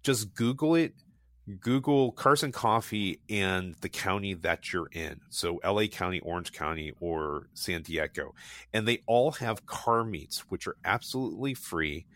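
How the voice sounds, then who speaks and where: A man's voice: low-pitched, a little slow, a bit bright, no echo. A man chatting casually as a guest, telling enthusiastic, rambling stories full of restarts and fillers. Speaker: guest recommending local car meets. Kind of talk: casual conversational storytelling.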